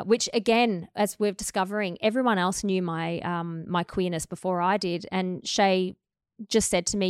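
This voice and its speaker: A woman in her forties with an Australian accent, hosting a podcast and talking candidly and frankly, lively when she retells family conversations. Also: mid-range voice, no echo, clean studio sound. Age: 40s. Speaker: podcast host. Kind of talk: candid casual chat.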